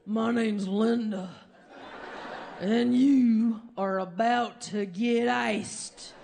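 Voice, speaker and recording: A woman's voice: fairly high pitch, fairly even intonation, drawn-out words, vocal fry, darkish tone, slight background noise, exaggerated voice. A woman comedian voicing a confident, tough older woman who boldly challenges her from the crowd. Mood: challenging.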